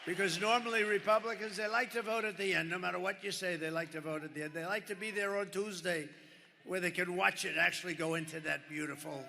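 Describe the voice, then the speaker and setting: A man's voice: sits high, fairly even intonation, fast talker, creaky, sharp tone. An older man giving a rambling rally speech from a podium microphone, full of superlatives and asides to the crowd. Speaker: political candidate at a campaign rally. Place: large packed rally venue. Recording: echoey arena sound with crowd noise.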